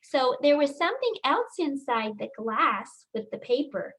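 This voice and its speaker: A woman teaching young children in a video lesson, reading a picture book aloud slowly and expressively, with big upward leaps on dramatic lines. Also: sits high, very animated, fairly bright tone. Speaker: preschool teacher.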